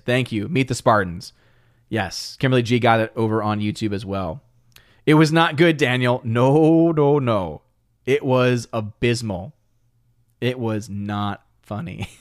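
A man's voice: medium pitch, no echo, clean studio sound. A man hosting a live stream, chatting casually about movies, reading viewer comments aloud and laughing often. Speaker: livestream host.

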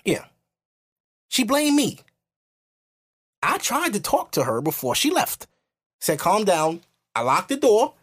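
Man, podcast host, lively swooping pitch, animated profane storytelling. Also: a little slow, pauses often, breathy edge. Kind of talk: casual chat.

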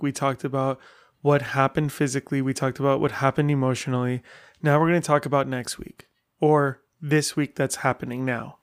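A man's voice: on the high side, no echo, studio quality. A middle-aged man hosting a casual solo podcast, telling stories in a chatty way full of rambling asides. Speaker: podcast host.

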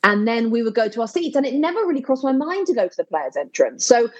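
A middle-aged English woman in a casual interview, telling lively, nostalgic stories and laughing often. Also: on the high side, fast talker. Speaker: sports broadcaster, guest. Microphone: video call.

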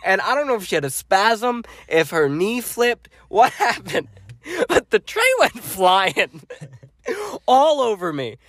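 A man co-hosting a podcast in casual chat, telling stories in an animated way and laughing often. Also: high voice, takes it slowly, no room sound. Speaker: podcast co-host.

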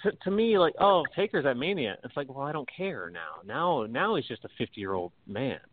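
A man's voice: mid-range voice, sing-song, normal speed, a little hiss or hum. A man chatting casually and bluntly, swearing freely and laughing often as he argues his opinions. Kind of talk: casual chat. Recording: tinny phone-like sound.

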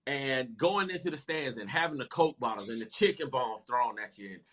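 A man in his fifties, a guest telling stories in lively casual chat. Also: medium pitch, normal speed. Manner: animated, lively storytelling with laughter.

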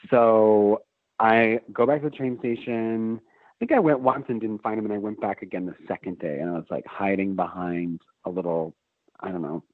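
A man's voice: on the low side, normal speed, no echo. A man telling a long story in casual chat, swearing freely and rambling with fillers and restarts. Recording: phone-like narrow band.

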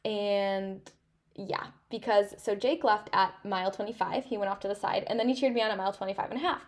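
A woman's voice: mid-range voice, fairly quick. A young woman in her twenties hosting a podcast, telling a story in a casual, emotional way, full of "like" and "literally". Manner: animated, emotional, heavy use of "like" and "literally". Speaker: podcast host.

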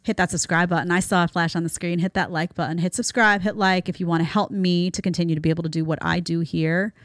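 A woman hosting a talk show, giving casual commentary in a chatty, animated way and acting out quotes. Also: fairly low pitch, quick pace, no echo, studio quality. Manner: animated, acts out quotes with put-on voices; lively, chatty. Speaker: show host.

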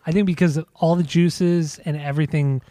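A man's voice: a little high, fairly even intonation, brisk, dark tone, dry recording. A young man co-hosting a casual podcast chat, dry and teasing, moving the show along. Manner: dry teasing, runs the segments. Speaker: podcast co-host.

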